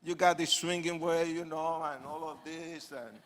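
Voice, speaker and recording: A man, an evangelist, telling his life story as a testimony sermon to an audience, with animated swings from hushed asides to loud outbursts. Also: fairly high pitch, moderate pace, slight background noise.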